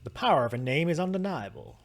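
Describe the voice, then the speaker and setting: A man's voice: mid-range voice, expressive, moderate pace, natural voice. A man reading out a glamorous 1950s woman star's magazine interview in a put-on accent. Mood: proud.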